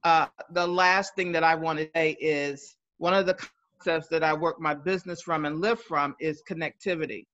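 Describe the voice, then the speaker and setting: A woman's voice: sits low, steady tone, moderate pace, fairly bright tone, dull audio. A woman speaking as a panelist on a video call, encouraging and affirming as she talks.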